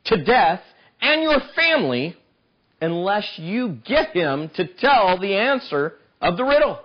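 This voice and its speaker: A man's voice: high-pitched, sing-song, unhurried, dull audio, voice pushed up, heavily acted. A man voicing a group of threatening young men who make demands in a raised, menacing voice.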